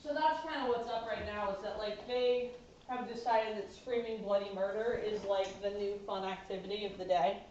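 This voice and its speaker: A woman's voice: medium pitch, fairly even intonation, moderate pace, darkish tone, distant mic, a little hiss or hum. A woman dog breeder chatting casually in a vlog, full of fillers, playfully scolding and cooing at her puppies in an indoor puppy room. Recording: echoey room, voice from afar, dull sound.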